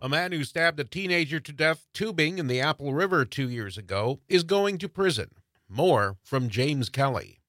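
A man's voice: fairly high pitch, animated, normal speed, no echo. A man anchoring a local radio newscast with an announcer's delivery. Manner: bright, forceful announcer read.

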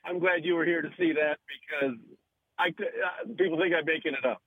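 A man's voice: a little high, fairly quick, phone-quality sound, crowd noise. A man guesting on a radio show, telling a story in casual chat. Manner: animated, laughs while telling stories. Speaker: podcast host guest.

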